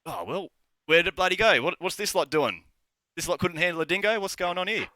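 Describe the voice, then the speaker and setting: Guy doing a blokey aussie pub owner, loud and gruff, crisp dry sound, rpg voice. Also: mid-range voice, fast, dry recording, natural voice. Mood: indignant. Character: brash blustering male tavern owner, middle-aged. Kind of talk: tabletop game character voice.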